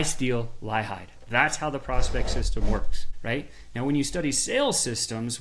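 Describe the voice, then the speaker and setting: A man guest on a podcast, explaining a sales method with lively storytelling and quick bursts of acted-out dialogue. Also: medium pitch. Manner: animated storyteller, acts out quoted voices. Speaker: podcast guest, software founder. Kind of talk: energetic sales pitch in conversation.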